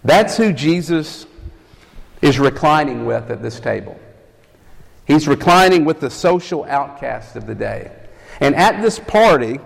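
A man's voice: mid-range voice, gravelly. A man preaching a sermon, teaching earnestly and asking his listeners rhetorical questions. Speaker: campus ministry preacher. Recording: long reverb of a hall.

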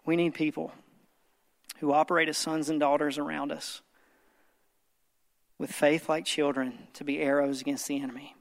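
At a church service with soft music underneath, a male pastor in his thirties tells a story to make his point in an earnest sermon. His creaky voice sits a little high, moves little in pitch, keeps a moderate pace, and pauses often.

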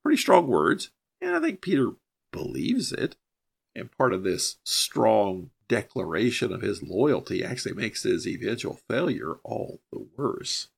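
A man's voice: fairly low pitch, huge pitch swings, measured pace, vocal fry, slightly rough. A man teaching a Bible passage verse by verse on a podcast, explaining each verse plainly and then driving home the key points.

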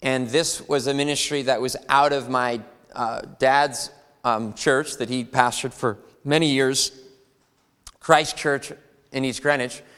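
A young adult man preaching a sermon as pastor, rousing the congregation with lively, energetic delivery. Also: medium pitch, measured pace, clear, resonant tone. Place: church sanctuary. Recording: reverberant church hall with faint music.

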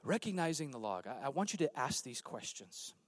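A man preaching a sermon as pastor on a church stage, swinging from hushed, low passages to loud emphatic calls out to the congregation. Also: sing-song, brisk, no echo.

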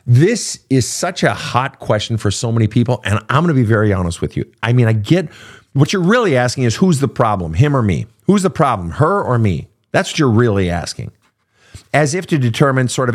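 A man's voice: mid-range voice, normal speed. Middle-aged guy talking straight, cusses a lot, voice jumps up and down. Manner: blunt, profane, animated. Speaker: podcast host, coach. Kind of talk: casual advice talk.

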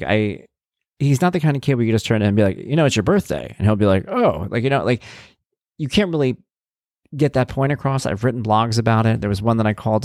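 A man's voice: on the low side, darkish tone, dry recording, clean studio sound. A man, a parent blogger, talking in a rambling, conversational way with wry, blunt humor. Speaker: parent blogger talking about his son. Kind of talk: casual spoken monologue.

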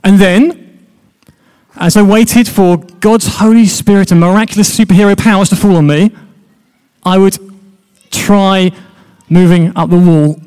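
A man's voice: high voice, fairly even intonation, a little slow, pauses often, a little mellow, clean tone. A man preaching a sermon, chatty and joking with his congregation.

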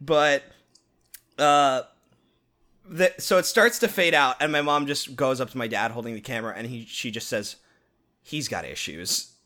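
A young man co-hosting a podcast in casual chat, animated, cursing often and laughing as he tells stories. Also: medium pitch, moderate pace. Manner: animated, swearing, breaks into laughter. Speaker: podcast co-host.

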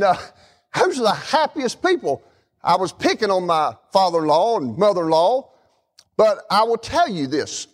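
A middle-aged man preaches in a church with a folksy, animated delivery, often turning to talk to the congregation. His voice sits high for a man and swoops up and down with lively expression. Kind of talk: sermon.

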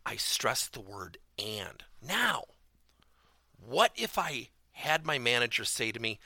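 A man's voice: mid-range voice, sing-song, a little slow, sharp tone, no echo, studio quality. A man giving a motivational business talk as a corporate coaching trainer, stressing key words emphatically and theatrically.

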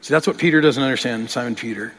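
Earnest preacher in a reverberant church. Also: male voice, mid-range voice, quick pace, fairly bright tone. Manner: earnest, conversational preaching with frequent restarts. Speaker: pastor. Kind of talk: sermon. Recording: long reverb of a large hall.

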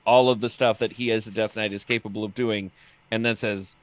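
A man hosting a casual chat, animated and laughing, acting out quotes as he talks. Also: on the low side, a little fast, no echo.

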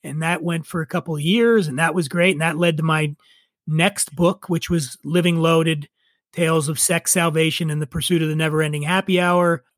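A middle-aged man, a drinks writer and drinking-show host, telling his story in a casual interview, animated, swearing freely and laughing at himself. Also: a little high, moderate pace, no echo, studio quality.

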